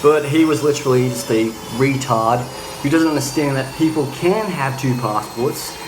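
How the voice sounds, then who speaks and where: Man, young adult, from Australia, blunt ranting travel vlog, echoey room, clear background ambience. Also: mid-range voice, moderate pace, background noise. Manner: blunt, ranting, restarts often. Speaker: travel vlogger.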